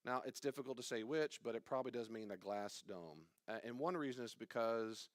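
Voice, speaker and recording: In a conversational, digressive style, a man teaches a Bible study informally, often quizzing his listeners. His mid-range voice moves fairly quickly, and there's no room sound.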